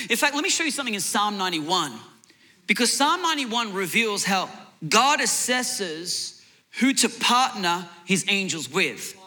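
A man's voice: high-pitched, pushed and bright. A man preaching a sermon with emphatic delivery. He often repeats words as he builds a point and makes jokey asides.

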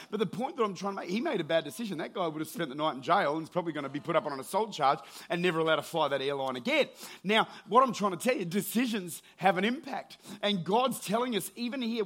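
Aussie pastor guy preaching, high voice, gets loud then goes real quiet. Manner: energetic preaching, builds to shouts then drops low and quiet. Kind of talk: sermon.

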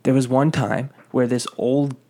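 A young man ranting casually, telling a profane, rambling, exasperated story about a fast-food job. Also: medium pitch, steady tone, warm tone.

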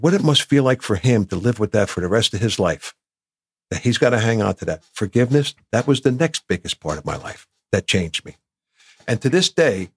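A man's voice: medium pitch, breathy edge, no room sound. A man in his sixties from New Jersey, a podcast guest telling candid personal stories with emotion and acting out what others said. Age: 60s. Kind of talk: candid storytelling.

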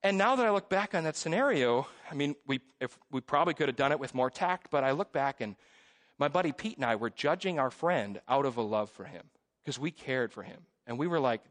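Animated pastor preaching in a reverberant church. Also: male voice, mid-range voice, fairly quick. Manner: conversational, animated storytelling with self-deprecating jokes. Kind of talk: sermon. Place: church sanctuary. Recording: long reverb of a church hall.

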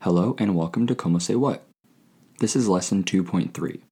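Male language teacher with a low voice, reads a scripted lesson, repeats each word slowly. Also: warm tone. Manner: slow, clear repetition of words. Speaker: Spanish teacher.

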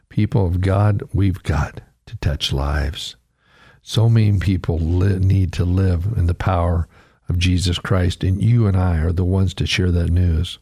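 A man preaching a radio sermon, earnest and conversational, his pitch rising sharply when he voices a quoted cry. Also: a little slow, dark tone. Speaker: radio pastor.

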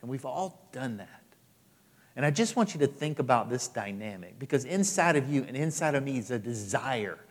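A male pastor delivering an emphatic sermon, repeating phrases and swinging between loud and quiet. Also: medium pitch, lively intonation, normal speed. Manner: emphatic, repetitive preaching with rising and falling intensity. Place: church hall. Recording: live sermon with long hall reverb.

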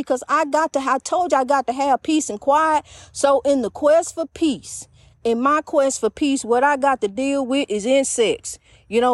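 A high-voiced woman hosts her own faith-talk podcast, preaching to listeners in a loose, chatty way and calling them honey. Her recording is dry and close, with almost no room sound.

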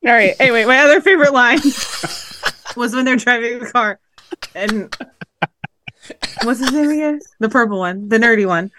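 A woman's voice: a little high, moderate pace, pauses often, bright, forceful tone, a little hiss or hum. A woman co-hosting a podcast in casual, crude banter, blunt and profane and often laughing. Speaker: podcast co-host.

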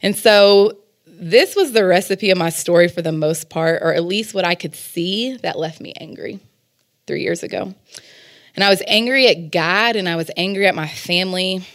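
Young midwestern woman telling her story to a church crowd, lowish voice, chatty, lots of ums. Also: normal speed. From Kansas. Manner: candid, conversational, with frequent fillers. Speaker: speaker sharing testimony. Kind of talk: personal testimony talk.

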